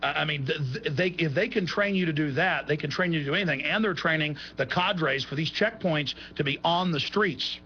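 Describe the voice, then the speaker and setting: A male radio host with a bright, forceful, tense voice that sits a little high. He presses his points urgently and insistently. The sound is muffled, with a faint hum behind it. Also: brisk, hardly any pauses. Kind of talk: talk radio.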